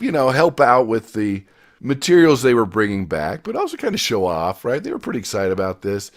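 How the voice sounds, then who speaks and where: A man teaching a motivational business class, energetic and storytelling, with loud emphatic bursts and quiet asides. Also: mid-range voice. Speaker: success coach.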